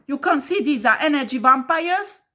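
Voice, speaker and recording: A woman's voice: high-pitched, expressive, moderate pace, background noise. A woman giving a tarot reading who scolds her listeners bluntly and swears a lot, in non-native English phrasing. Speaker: tarot reader.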